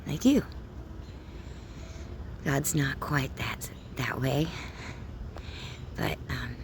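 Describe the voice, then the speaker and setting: A woman's voice: low voice, creaky, noisy background. A woman giving an intimate, emotional spiritual talk, often dropping to a whisper, recorded outdoors. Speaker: spiritual content creator. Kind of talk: personal spiritual talk to camera.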